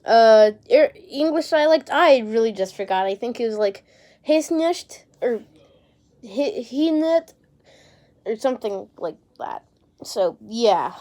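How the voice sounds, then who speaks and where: High-voiced rambling young woman. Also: lively intonation, takes it slowly, dark tone. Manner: rambling, unsure, swears casually. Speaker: vlogger. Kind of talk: casual rambling talk to camera.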